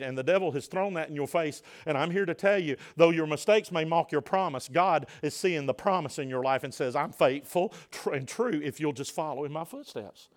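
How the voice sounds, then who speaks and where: A man preaching a sermon as pastor in a church, swinging between shouted passages and hushed, quiet asides. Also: on the high side. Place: church sanctuary.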